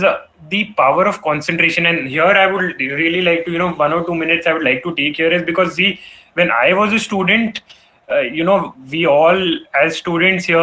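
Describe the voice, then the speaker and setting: Bright-voiced man lecturing earnestly. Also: sits high, low-quality recording. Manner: earnest, lecturing, frequent "you know" fillers and restarts. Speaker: guest speaker. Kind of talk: motivational talk on public speaking. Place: event hall.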